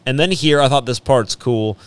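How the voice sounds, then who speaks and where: A man's voice: mid-range voice, normal speed, clear, resonant tone. A young man hosting a casual radio talk show, joking around and reading things aloud. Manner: jokey, reads aloud with a hammy mock German lilt. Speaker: podcast host.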